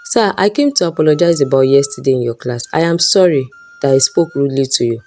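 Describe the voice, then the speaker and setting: A woman's voice: very deep voice, expressive, quick pace, a little mellow, faint music behind. A woman voicing a young female student who talks in a pleading, indignant way in a storybook reading. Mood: distressed.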